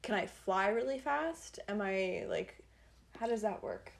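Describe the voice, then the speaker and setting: A woman's voice: mid-range voice, animated, unhurried, vocal fry. A young woman co-hosting a casual podcast, giggly and self-deprecating. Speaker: podcast co-host. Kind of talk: casual banter.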